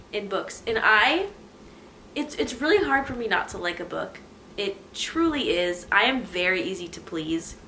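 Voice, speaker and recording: A young woman vlogging casually at home, talking candidly and with animated asides. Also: mid-range voice, reverberant, slight background noise, poor audio. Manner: candid, animated, self-deprecating. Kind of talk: casual chat to camera. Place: home living room.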